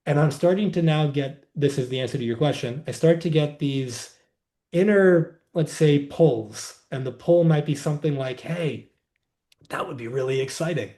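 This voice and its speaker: A man as a podcast guest, calmly explaining a wellness practice in a reflective, conversational way, seated indoors. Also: fairly high pitch. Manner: reflective, unhurried, says "like" often. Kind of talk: conversational interview, teaching.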